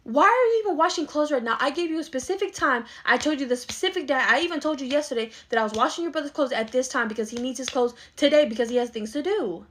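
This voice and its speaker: A bossy, indignant middle-aged mom who puts her son first and scolds her daughter in a rapid, clipped rush, as a woman acts her out. Her voice sits a little high and she talks fast in this comedy skit. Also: expressive, a bit bright. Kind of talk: skit role-play.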